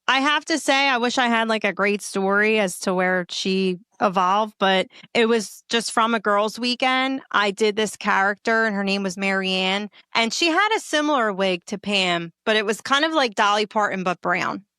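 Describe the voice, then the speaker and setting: A woman with a Philadelphia accent chatting candidly as a comedian guest, telling stories with lively, salty humor. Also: medium pitch, moderate pace, hardly any pauses, clear, resonant tone, no room sound, studio quality. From Port Richmond, Philadelphia. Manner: candid, profane, lively storyteller. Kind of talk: casual interview chat.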